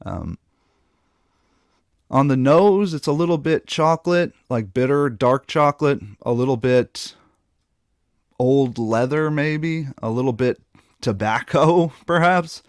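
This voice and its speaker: A man hosting a casual beer tasting review, chatting in a playful way and pausing between tasting notes. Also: medium pitch, expressive, no echo, studio quality. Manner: playful, chatty, trailing pauses while tasting.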